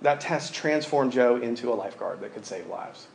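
Young male preacher, mid-pitched, easygoing sermon delivery with scripture reading. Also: normal speed, creaky, darkish tone, a little hiss or hum. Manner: conversational preaching with fillers, reads scripture aloud. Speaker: pastor.

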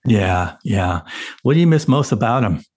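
A man's voice: fairly low pitch, animated, normal speed, darkish tone, husky. A man interviewing a guest, answering with short affirmations and brief questions.

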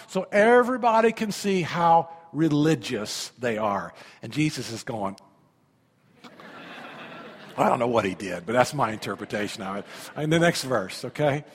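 Fifties male pastor, high voice, animated sermon, stumbles and repeats words, echoing hall. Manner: animated, conversational preaching with repeated words and questions to the listeners. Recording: long reverb of a large hall.

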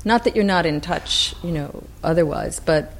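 A woman guest in a casual podcast interview, speaking reflectively and haltingly with many fillers. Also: fairly low pitch, slight background noise.

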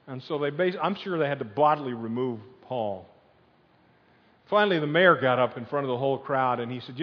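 A man preaching a sermon as pastor, telling the story in a lively, conversational way and leading the crowd in chants. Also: fairly high pitch, fairly quick. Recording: dull sound in a long-echo hall.

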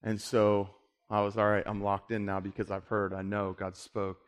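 A man preaching a sermon, telling a story with lively quoted dialogue and dropping to a quiet voice for the tender parts. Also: lowish voice, moderate pace, clean tone. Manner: animated storyteller, voice drops quiet for emotional moments.

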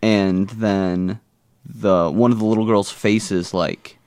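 A man's voice: lowish voice, steady tone, slow pace, a little mellow. A man co-hosting a podcast, recapping a TV episode in casual chat with jokey, rambling asides. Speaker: podcast co-host.

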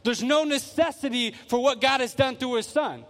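A male pastor with a very high, slightly bright voice preaches in a church sanctuary, the sound spreading through the big room at a moderate pace. He's earnest and emphatic, repeating phrases and restarting as he builds.

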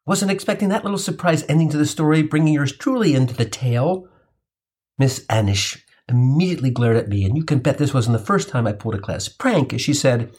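A man's voice: mid-range voice, lively intonation, a little fast, a little mellow, husky. A man telling a comic personal story in an irreverent, profane style, with wry asides.

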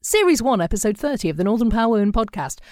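Animated woman, dry close sound. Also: on the high side, racing, dry recording. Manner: candid, animated storytelling with quoted voices. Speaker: podcast host. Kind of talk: casual conversational podcast.

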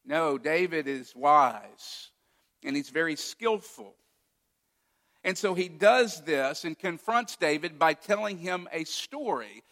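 Bright-voiced preacher man in a reverberant hall. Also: fairly high pitch, expressive, takes it slowly. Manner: storytelling preacher, acting out quoted lines. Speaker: pastor. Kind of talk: sermon.

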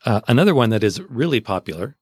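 A man's voice: fairly low pitch, sing-song, quick pace, husky, dry recording, studio quality. A man hosting a podcast, explaining tools step by step in casual chat, spelling out names and giving frank opinions. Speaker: SEO podcast host.

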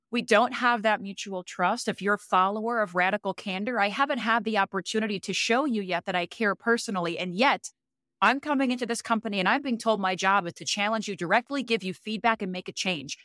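A woman's voice: mid-range voice, a bit bright. A woman hosting a leadership podcast with a mid-range voice. She talks earnestly and reflectively, and her sound is close and dry with no room echo. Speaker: podcast host. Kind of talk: podcast conversation.

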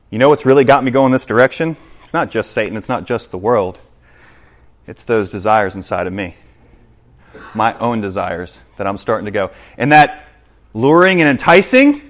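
A man preaching a sermon in church, animated, acting out scenes and checking in with the congregation. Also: mid-range voice. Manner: animated, acts out scenes, asks the congregation "right?". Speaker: pastor.

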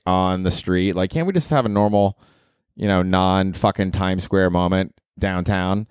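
Man in his forties, solo podcast host, low voice, rambling and profane, self-deprecating, dry close sound. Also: clear, resonant tone, no room sound. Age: 40s. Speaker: podcast host and stand-up comedian. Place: New York apartment. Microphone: handheld field recorder.

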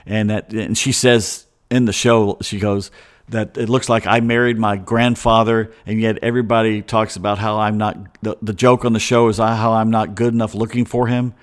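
A middle-aged man hosting a show, chatting in a loose, opinionated monologue full of digressions and chuckling asides. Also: on the low side. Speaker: host. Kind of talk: casual rambling monologue.

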